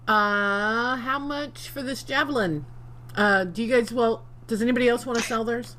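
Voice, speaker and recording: A woman's voice: on the high side, normal speed, a bit bright, a little hiss or hum. A middle-aged woman playing in a tabletop role-playing game, eager and enthusiastic. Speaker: player.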